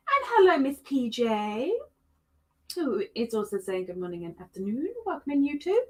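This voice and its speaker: A woman's voice: high voice, big pitch swings, normal speed. A woman hosting a casual crochet livestream, chatting playfully with viewers and with her pets.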